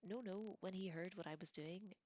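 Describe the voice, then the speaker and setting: A woman's voice: fairly low pitch, normal speed, no room sound, voice pushed up, natural voice. A woman whispering as a polite teenage wizard boy, whispered role-play. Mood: earnest.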